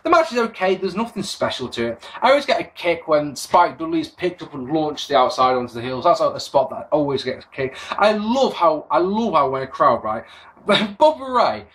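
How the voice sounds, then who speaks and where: A man's voice: fairly high pitch, moderate pace. A British man hosting a casual solo podcast, reviewing with sarcasm and plenty of swearing. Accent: British English. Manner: animated, sarcastic, swears freely. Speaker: podcast host.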